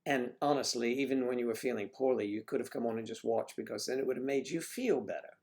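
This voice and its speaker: A man hosts a casual livestream, talking straight to his viewers. He rambles and trails off into asides. His voice sits at an ordinary middle pitch. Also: quick pace, a little mellow. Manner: rambling, chatty, full of asides. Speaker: livestream host. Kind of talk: casual chat.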